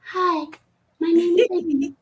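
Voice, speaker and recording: A woman's voice: very high-pitched, moderate pace, voice pushed up. A woman voicing a shy, petite young woman who speaks in a faint, sweet near-whisper. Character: timid tiny young woman, soft whispery voice. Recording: roomy echo.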